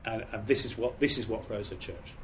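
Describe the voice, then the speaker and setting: Earnest British preacher, lowish voice. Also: male voice, brisk, background noise. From Britain. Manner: earnest, emphatic, conversational with restarts. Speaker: pastor and trainer. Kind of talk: training talk on preaching.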